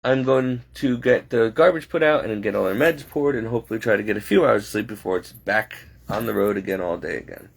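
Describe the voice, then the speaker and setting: A man's voice: fairly low pitch, a little fast, creaky, hardly any pauses, breathy edge. A man, a home caregiver, rambling and exasperated as he vents in a late-night vlog. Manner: talking to himself, restless and frustrated.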